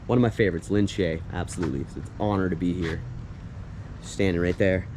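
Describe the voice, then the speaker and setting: An excited man narrating a casual walk-and-talk outdoors, chuckling often as he retells scenes. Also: low-pitched, a little fast. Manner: excited, chuckles often, acts out movie lines. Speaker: filming-location vlogger. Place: outdoors on streets and a driveway. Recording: outdoor traffic noise.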